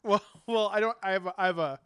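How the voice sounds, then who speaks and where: A man hosts a casual podcast chat, rambling through his stories with many fillers and laughter. His voice sits a little high and sounds smooth and resonant. The recording is dry and close. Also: quick pace, a bit bright, dry recording. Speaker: podcast host and game master.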